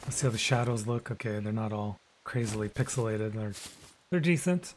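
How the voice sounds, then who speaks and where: A man streaming a video game live, chatting casually with viewers, relaxed and rambling, often trailing off into quiet mumbles. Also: fairly low pitch, brisk, a little hiss or hum.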